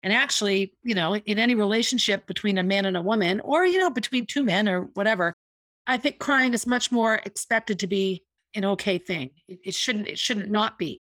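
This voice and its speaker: A woman's voice: medium pitch, a little fast, fairly bright tone, no echo. A woman in her fifties hosting a podcast, telling a personal story in an earnest, reflective way and repeating words for emphasis. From United States. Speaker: podcast host.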